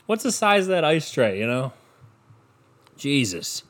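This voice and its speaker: A man's voice: medium pitch, very animated, measured pace, pauses often. Profane young man ranting on a podcast. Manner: profane, mocking, laughs at his own jokes. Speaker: podcast host. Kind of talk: casual solo podcast rant.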